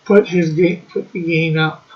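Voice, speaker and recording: A man's voice: a little high, steady tone, measured pace, muffled recording. A man hosting a casual livestream, reading chat messages aloud and laughing often between lines.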